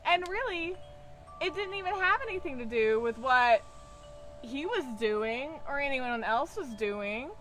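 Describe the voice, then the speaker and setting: A woman, a tantra teacher, telling a personal example in slow, unhurried casual chat. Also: high-pitched, expressive, fairly bright tone, soft background music.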